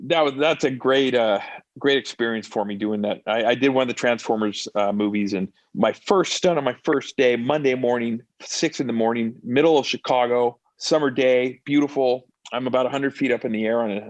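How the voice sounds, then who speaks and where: A middle-aged man, a stuntman and actor, telling stories in a casual interview, animated and full of fillers and restarts. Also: mid-range voice, moderate pace, no room sound.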